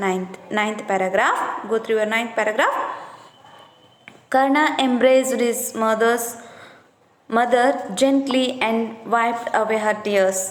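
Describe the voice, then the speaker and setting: A woman teaching an English reading lesson, explaining slowly and rephrasing each line. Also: a little high, lively intonation, reverberant, in a large hall. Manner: slow, explanatory, rephrasing with 'means'.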